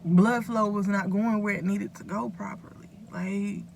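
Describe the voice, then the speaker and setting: Woman vlogger with a gravelly, creaky voice; casual, earnest, rambling address to camera. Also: mid-range voice, fairly even intonation, measured pace, darkish tone, slight background noise. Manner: earnest, rambling, advice-giving to viewers. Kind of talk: casual direct-to-camera talk.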